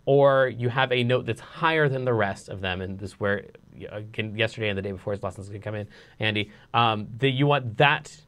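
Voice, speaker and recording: A man teaching a casual songwriting lesson, explaining in a relaxed way with lots of fillers. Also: fairly low pitch, normal speed.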